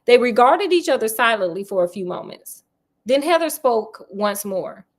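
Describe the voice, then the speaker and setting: A woman's voice: on the high side, very animated, normal speed. A woman reading a spooky children's novel aloud and breaking off for sassy, laughing asides. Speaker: storyteller reading a book aloud. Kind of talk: book reading with comedic asides.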